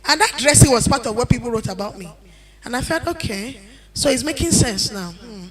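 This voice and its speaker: A woman's voice: on the high side, animated, a little fast. A woman speaking on a conference panel, giving earnest advice and repeating her key points. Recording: event hall with crowd noise.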